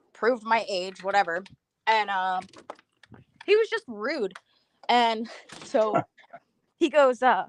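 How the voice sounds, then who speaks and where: Blunt, animated young woman telling stories. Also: fairly high pitch. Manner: blunt, animated storyteller who acts out quotes. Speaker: live stream co-host. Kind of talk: casual storytelling chat.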